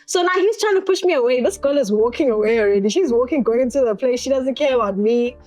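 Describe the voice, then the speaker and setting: A woman's voice: high voice, animated, fast, darkish tone, faint music behind. A young woman tells a personal story as an interview guest, acting out the other people's lines as she goes.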